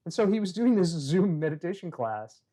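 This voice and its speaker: A man's voice: high voice, sing-song, brisk, warm tone. Chatty man telling stories as a guest. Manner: chatty, many "you know" fillers, acts out quoted voices; wry, self-deprecating humor. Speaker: podcast guest. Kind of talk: casual conversational storytelling.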